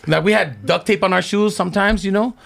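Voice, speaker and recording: A middle-aged man telling animated, slangy stories as a podcast guest, acting out the people in them. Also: high voice, a little fast, gravelly, crowd noise. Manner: animated, slangy storytelling full of quoted voices. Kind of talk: casual storytelling.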